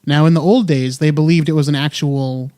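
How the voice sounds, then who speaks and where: A young man hosts a podcast at home, chatting loosely and joking, with a lot of ums along the way. His voice sits a little high for a man. The recording is close and dry, with no room sound. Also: fairly even intonation, brisk, dark tone, clean tone, no echo. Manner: joking, rambling, many fillers. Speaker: podcast host. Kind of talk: casual chat.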